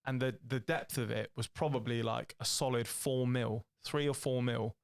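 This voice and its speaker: A man's voice: medium pitch, moderate pace, creaky, clean tone. A man in his late thirties with a British English accent, telling a rambling, profane story on a podcast and acting out the people in it. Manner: rambling, profane, animated storytelling with acted-out quotes. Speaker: podcast co-host. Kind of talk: casual storytelling chat.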